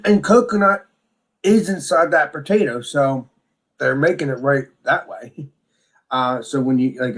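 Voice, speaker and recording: A man co-hosting a casual beer tasting chat, talking with enthusiasm and rambling restarts. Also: medium pitch. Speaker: beer reviewer co-host.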